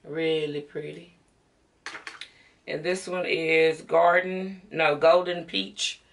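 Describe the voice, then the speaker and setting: A woman's voice: deep voice, fairly even intonation, takes it slowly, creaky, far from the mic, a little hiss or hum. A middle-aged woman with a Southern American accent, chatting casually to her viewers in a home beauty haul vlog. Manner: chatty, talks straight to viewers as y'all. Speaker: beauty vlogger.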